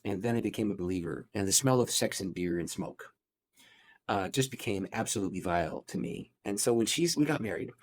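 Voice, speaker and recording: A man, a pastor, telling his life story in an interview, animated and acting out the people he quotes. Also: on the low side, fairly quick.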